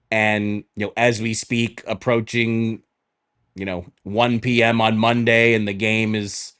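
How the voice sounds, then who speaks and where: A man calling in as a podcast guest, reporting news in a measured way with frequent restarts. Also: fairly low pitch, a bit bright. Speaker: guest NBA insider. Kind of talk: casual podcast chat.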